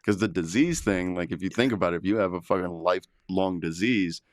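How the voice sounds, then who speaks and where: A man on a casual podcast, telling profane stories that turn loud and animated. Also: low-pitched, brisk, dry recording, clean studio sound. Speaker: podcast host.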